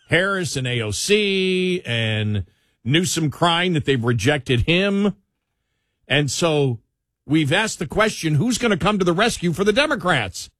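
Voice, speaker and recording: A talk radio co-host with a Buffalo accent and a slightly husky, fairly high voice. He chats in an easygoing way and reads news items aloud, recorded dry and close. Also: animated, unhurried, a bit bright, no room sound. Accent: Buffalo, New York. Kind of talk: casual political talk.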